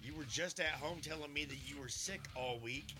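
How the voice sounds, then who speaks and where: A man hosting a podcast, retelling a story in a profane, animated way and quoting himself often. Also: a little high, a little fast, music in the background. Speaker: podcast host. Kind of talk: casual storytelling chat.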